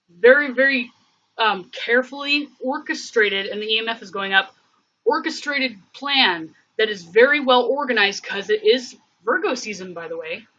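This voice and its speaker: A woman chats on her livestream in a bright, forceful voice that sits a little high. She rambles and thinks aloud, full of fillers and restarts. The stream audio is dull and lo-fi. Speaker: livestream host. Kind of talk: casual livestream chat.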